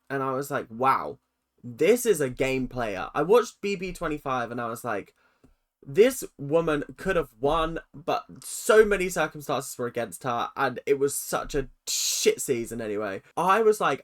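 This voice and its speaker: A man hosting a reaction video, talking in an animated, effusive way and acting out his own quoted reactions. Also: a little high. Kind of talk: casual reaction commentary.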